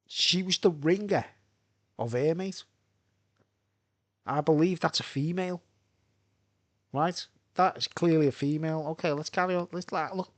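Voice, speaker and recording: A man's voice: fairly high pitch, measured pace, long pauses, no room sound. A man from Birkenhead with a Merseyside accent, rambling through a live monologue full of asides and "right?" tag questions. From Birkenhead, England. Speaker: vlogger.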